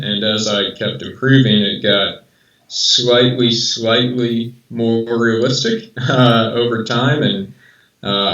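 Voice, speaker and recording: An American man in his thirties, a guest in a casual interview, talking haltingly with many restarts. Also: fairly low pitch, a bit bright, roomy sound, recorded from a distance, highs cut off. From rural southern United States.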